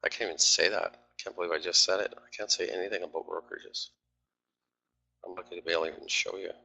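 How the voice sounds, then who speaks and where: A man's voice: sits low, steady tone, fast, vocal fry, pushed and bright. A man talking through live trades on a stream, grumbling and swearing at his trading platform.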